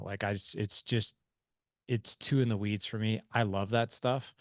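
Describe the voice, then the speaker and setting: A man in his forties hosting a podcast interview, telling stories in an emphatic, animated way. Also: lowish voice, moderate pace, no room sound, studio quality. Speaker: podcast host. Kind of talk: conversational interview.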